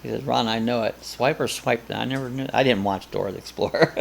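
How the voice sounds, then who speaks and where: A man's voice: mid-range voice, fast talker, gravelly, a little hiss or hum. An older man hosting a casual live chat, rambling and chuckling as he reads viewer comments aloud. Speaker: host of a live coffee chat.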